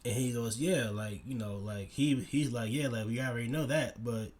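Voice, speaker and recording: A man's voice: medium pitch, normal speed, a little mellow. A young man casually telling a personal story to camera, rambling with many fillers, restarts and tag questions. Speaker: vlogger.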